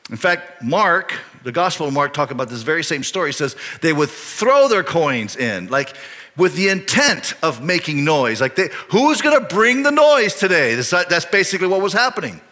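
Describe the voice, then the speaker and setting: A man's voice: a little high, very animated, normal speed, pushed and bright. A male pastor preaching a casual, conversational sermon full of rhetorical questions. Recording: long hall reverb.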